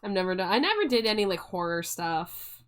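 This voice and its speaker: A woman's voice: medium pitch, very animated, brisk. A young woman streaming live, chatting casually with viewers, giggling and restarting her phrases as she goes.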